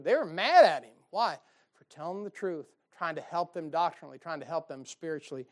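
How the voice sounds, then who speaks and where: High-voiced guy preaching, folksy and punchy, lots of asides. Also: lively intonation, fairly quick. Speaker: pastor. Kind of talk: sermon.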